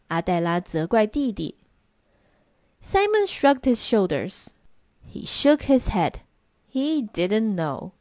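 Lively woman reading a bilingual story. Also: medium pitch, slow pace, dry recording, studio quality.

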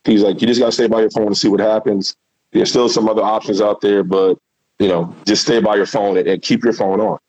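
As a guest, a middle-aged ex-football player spins a rambling, lively story in casual conversation, swearing liberally. He speaks fairly quickly in a voice on the low side, and the recording has no echo but its highs are cut off.

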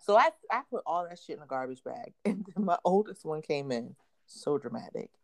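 A woman's voice: deep voice, brisk, vocal fry. A woman co-hosting a casual chat, telling stories with acted-out quotes and frequent laughter. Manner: animated storyteller, acts out quotes, laughs often. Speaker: podcast co-host.

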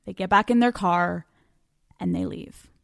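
A woman's voice: fairly low pitch, gravelly, dry recording, studio quality. Dramatic, profane woman podcaster. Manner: profane, dramatic, fast bursts with laughs. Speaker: podcast host. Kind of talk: storytelling monologue.

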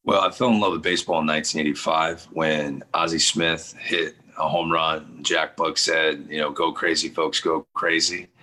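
A man in his forties from St. Louis, with a very deep, forceful voice and a husky edge. He tells stories in a relaxed interview and acts out the people he quotes with lively voices. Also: moderate pace, few pauses. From St. Louis, USA. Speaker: sports TV host as guest. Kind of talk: casual interview storytelling.

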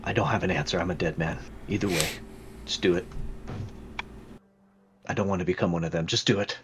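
A man voicing a despairing, doomed man who speaks low and defeated. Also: steady tone, fairly quick, slight background noise, lightly acted.

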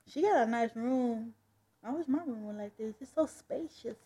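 A woman's voice: on the high side, lively intonation, slow pace, husky. A woman reading a comic aloud and chatting casually about the story, laughing at it. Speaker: comic book reader. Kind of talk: casual read-along commentary.

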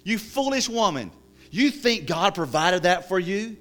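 A man's voice: high voice, animated, a little slow, fairly bright tone. A man doing a smug, sneering atheist neighbor. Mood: mocking. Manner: sneering, scolding. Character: scornful male atheist neighbor, smug and mocking.

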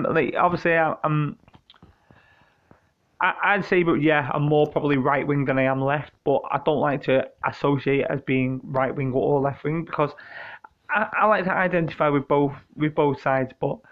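This British podcast host delivers a loose, meandering monologue answering listeners, speaking a little slowly in a fairly high, steady voice. Profane and joking, he restarts frequently, and the audio comes across muffled and lo-fi.

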